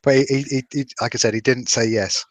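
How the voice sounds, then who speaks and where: A man's voice: medium pitch, steady tone, quick pace, no echo. A man with an English accent that slips toward cockney, telling rambling, self-mocking stories in a casual chat. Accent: English, drifts cockney. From England. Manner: rambling storyteller, self-mocking, stumbles and restarts.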